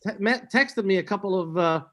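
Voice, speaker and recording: Male co-host, deadpan ribbing, bright edge to the voice. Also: sits high, normal speed. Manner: dry, deadpan teasing. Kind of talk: casual chat. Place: video call.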